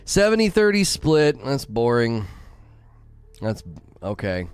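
A man's voice: medium pitch, very animated, slow pace, clear, resonant tone, no room sound, faint music behind. A man streaming a game and chatting casually with his viewers, giggly and rambling, laughing often at his own jokes. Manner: rambling, with many fillers and restarts. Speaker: game streamer talking to chat. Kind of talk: casual live-stream chat.

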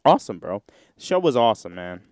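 Lively, rambling young podcast guy. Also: fairly low pitch, fast, no room sound, clean studio sound. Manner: rambling, slangy and profane. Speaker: podcast host. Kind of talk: casual podcast chat.

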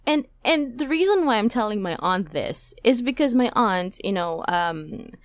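A woman's voice: medium pitch, animated, normal speed, no echo, clean studio sound. A young adult woman hosting a podcast, telling a personal story in a chatty, emotional way with many fillers. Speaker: podcast host. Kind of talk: casual storytelling monologue.

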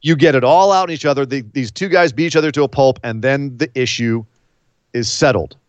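A man hosting a casual podcast chat, animated and sarcastic. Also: medium pitch, a little fast, no echo. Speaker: podcast host. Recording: slightly dull lo-fi sound.

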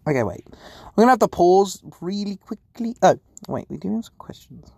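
Casual podcast host, profane and self-mocking, slow, animated pitch, dry sound. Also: gravelly, breathy edge, no echo. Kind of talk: casual live chat, taking requests.

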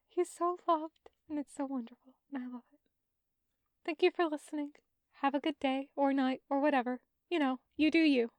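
Podfic narrator, woman, high voice, tender unhurried delivery. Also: no echo. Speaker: podfic reader. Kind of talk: audiobook narration of fan fiction.

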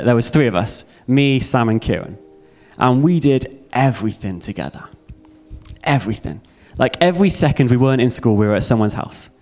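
A man's voice: medium pitch, a little mellow. Earnest young man preaching. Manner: earnest and heartfelt, with repeated phrases. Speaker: youth speaker. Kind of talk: personal testimony sermon.

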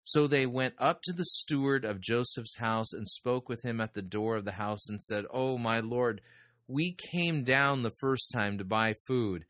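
A man preaching a sermon, reading scripture aloud and pausing to comment on it with quiet wonder. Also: mid-range voice, no room sound, studio quality.

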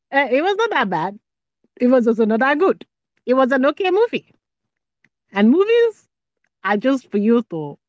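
Easygoing woman, relaxed and chuckling. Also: medium pitch, no echo, lo-fi sound. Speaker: panel guest. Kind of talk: casual panel chat.

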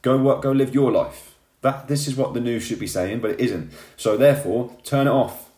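A motivational vlogger talks to camera in a mid-range, mellow voice at a moderate pace, yet his message is fired-up, punctuated by "yeah?" and "right?". The room he records in is echoey.

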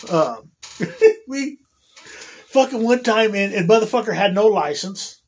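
A man's voice: high-pitched, expressive, unhurried, husky. A man casually telling a long story, swearing constantly, laughing often and restarting his sentences. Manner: profane, laughing, rambling with many restarts.

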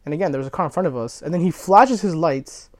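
A man's voice: fairly high pitch, quick pace, darkish tone. Rambling, cursing young man telling a story. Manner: rambling, swears freely, self-correcting. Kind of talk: casual anecdote telling.

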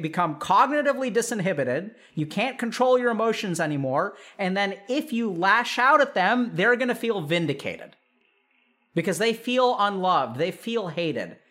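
A man with a high, very lively voice, giving advice on dealing with difficult parents. He talks animatedly and slips into role-play, acting out both sides of an argument. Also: normal speed. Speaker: speaker giving advice on family relationships.

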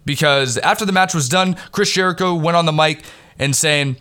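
A man excitedly recapping a wrestling event in a rambling, casual way, swearing freely, recorded on a headset mic at home. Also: a little high, moderate pace. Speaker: wrestling fan recapping a pay-per-view. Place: home recording in the Pittsburgh area. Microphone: headset mic with headphones.

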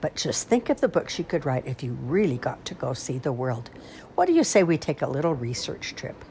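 A woman's voice: extremely low pitch, fairly quick, slight background noise, exaggerated voice. A woman doing a bold, eager girl mouse. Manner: eager, coaxing, excitable.

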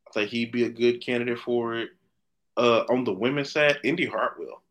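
A man co-hosting a podcast in casual chat, animated and opinionated, often restarting his sentences. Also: medium pitch, fairly quick. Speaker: podcast co-host.

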